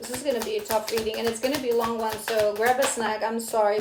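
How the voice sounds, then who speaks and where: A woman's voice: on the high side, fairly even intonation, fast talker, few pauses, roomy sound, music in the background. A woman doing a spiritual tarot reading for her viewers, earnest and scolding by turns, with emotional asides. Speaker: tarot reader.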